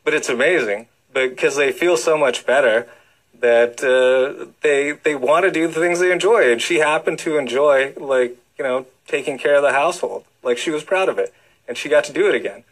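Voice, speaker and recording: A man's voice: on the high side, moderate pace, poor audio. A man, a heart doctor, talking enthusiastically as a guest on a radio interview, full of fillers and restarts. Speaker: cardiologist guest.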